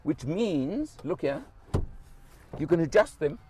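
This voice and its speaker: A man's voice: fairly high pitch, very animated, takes it slowly, a little mellow, a little hiss or hum. A South African man giving an enthusiastic, casual walkaround car review outdoors beside a car, pointing out features as he goes.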